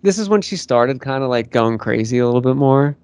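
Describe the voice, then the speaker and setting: A man's voice: medium pitch, animated, a little fast, darkish tone, clean tone, no room sound. A man co-hosting a casual movie chat, amused and laughing through his lines. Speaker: podcast co-host.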